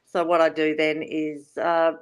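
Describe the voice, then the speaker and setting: A woman's voice: deep voice, monotone, unhurried, smooth. A woman with an Australian accent, a singer-songwriter guest chatting casually in an interview over a video call, hesitant with many fillers.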